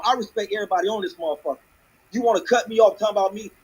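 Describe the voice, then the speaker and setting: High, husky man yelling in fury. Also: very fast, low-quality recording. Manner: furious, yelling, profane. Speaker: participant in an online audio chat room. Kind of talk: heated argument. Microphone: phone.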